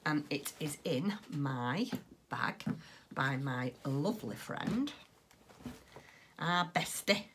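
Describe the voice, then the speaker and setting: A woman's voice: sits low, lively intonation, slow pace, long pauses, background noise. A woman chatting casually on her craft podcast, rambling along with plenty of ums. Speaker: crochet and knitting podcaster.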